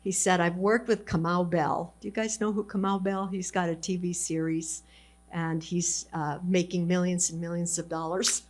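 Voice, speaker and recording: A woman's voice: lowish voice, flat delivery, normal speed, a little mellow. Earnest older woman from Texas. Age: 70s. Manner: earnest, encouraging, storytelling. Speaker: alumna guest speaker. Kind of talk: fireside chat with students.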